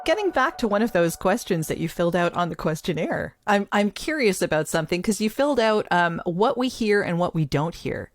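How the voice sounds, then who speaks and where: A woman's voice: fairly low pitch, expressive, fairly quick, few pauses, faint music behind. A woman hosting a podcast interview, asking curious questions and laughing easily with her guest. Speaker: podcast host. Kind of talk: casual interview.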